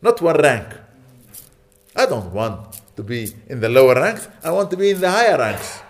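A man's voice: medium pitch, big pitch swings, moderate pace. A man preaching a sermon in a mosque, emphatic and repetitive, often checking in with his listeners and weaving in Arabic phrases and recitation. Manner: emphatic, repeating points and checking in with "Okay?".

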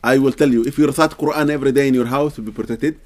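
A man's voice: medium pitch, steady tone, racing, darkish tone. Earnest man teaching with frequent "okay?". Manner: earnest, repeats "okay?" to check understanding. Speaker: Islamic teacher answering questions. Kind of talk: casual religious Q&A talk.

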